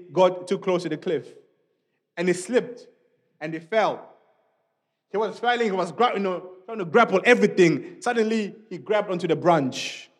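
A man preaching a sermon in a church, speaking in an animated, conversational way with many asides to the congregation. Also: high voice. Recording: long reverb of a church hall.

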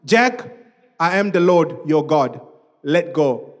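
Man doing God, calm and assured, fairly high voice, long echo of a church hall. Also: slow pace.

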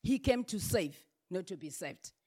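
Slow, measured woman preaching a sermon. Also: lowish voice, animated, warm tone, husky. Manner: repetitive, building emphatic refrains.

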